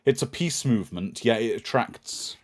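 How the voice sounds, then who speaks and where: A man's voice: mid-range voice, moderate pace. A man co-hosting a film watch party, giving dry, explanatory commentary with asides about the film.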